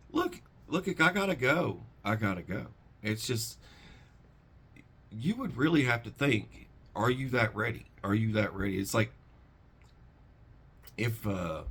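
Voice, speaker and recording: A middle-aged man hosting a preparedness channel, recounting a dream in a rambling, halting way with many restarts. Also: lowish voice, fairly bright tone, breathy edge. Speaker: prepper channel host. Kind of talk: casual storytelling to camera.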